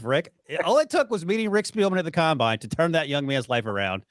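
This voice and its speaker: A man's voice: fairly high pitch, animated, fast, hardly any pauses, no echo. Man hosting a podcast with dry sound. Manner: playful teasing banter. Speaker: podcast host. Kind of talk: casual podcast chat.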